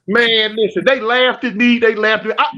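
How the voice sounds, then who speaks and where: His voice sits very high, bright and forceful as this guest from South Central Los Angeles works through a prison story. It's slangy and animated, with repeated phrases and acted-out quotes, on a dull, lo-fi recording.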